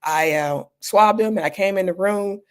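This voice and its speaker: A woman in her fifties, an emergency doctor and speaker, appears as a guest in a candid interview, telling frank stories with a conversational, dryly humorous manner. Her voice is mid-range and smooth, at a moderate pace.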